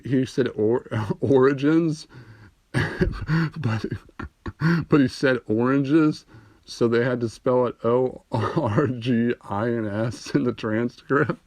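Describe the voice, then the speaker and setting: A young man rambles through a stand-up comedy bit full of swearing, laughing at his own jokes. His voice sits at an average pitch. The phone recording is dry, with no room sound. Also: darkish tone, no room sound. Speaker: amateur comedian.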